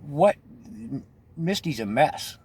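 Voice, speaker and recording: A man's voice: a little high, very animated, slow, a little mellow, slight background noise, voice pushed up. A man voicing a frantic young woman who pleads and stammers in alarm. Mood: aghast.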